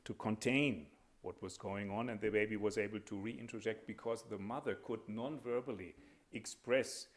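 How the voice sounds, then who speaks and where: Low-voiced man giving a hesitant lecture. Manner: measured, hesitant, with frequent pauses and fillers. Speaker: panel speaker. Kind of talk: academic lecture.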